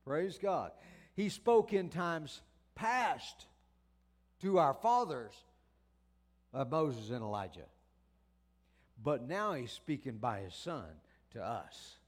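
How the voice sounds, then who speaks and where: High-voiced, slow, emphatic male preacher. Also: sing-song. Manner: emphatic preaching with exclamations of praise; drawn-out stressed words and repeated restarts. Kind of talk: sermon.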